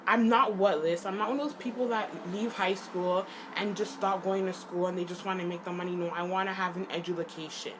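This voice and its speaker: A young adult woman venting to her viewers in a casual, upset rant, filling every pause with "like". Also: on the low side, fairly even intonation, background noise. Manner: upset ranting, heavy use of "like". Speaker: vlogger.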